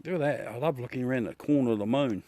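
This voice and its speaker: A man's voice: mid-range voice, fast, mellow, no echo. A middle-aged Australian man hosting a livestream, chatting casually with viewers, laughing, joking and swearing as he talks. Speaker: livestream host. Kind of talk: casual chat with live viewers.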